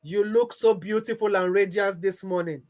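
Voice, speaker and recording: A woman's voice: medium pitch, steady tone, moderate pace, darkish tone, low-quality recording. A woman coach with a Nigerian accent narrating a second-person guided visualization story. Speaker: weight-loss coach.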